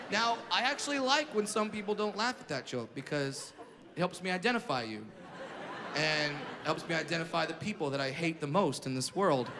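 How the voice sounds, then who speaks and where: A male stand-up comedian on stage, ranting brashly with profanity and bursts of shouting. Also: high voice. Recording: echoey hall, audience noise.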